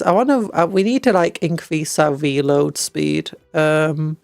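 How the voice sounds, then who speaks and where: A woman's voice: deep voice, measured pace, gravelly, a little mellow, no echo. A British woman streaming a game, reading upgrades aloud and making jokey asides. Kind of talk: casual gameplay chat.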